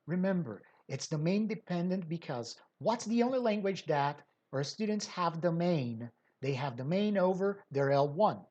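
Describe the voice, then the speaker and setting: A woman's voice: on the low side, lively intonation, normal speed, mellow, dull audio. A woman teacher giving an explanatory lecture, asking rhetorical questions and using frequent fillers.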